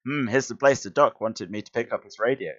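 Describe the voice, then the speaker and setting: A man's voice: mid-range voice, a little fast, lightly acted. A man voicing an eager, earnest young male student hero while reading a comic aloud, in a somewhat muffled recording.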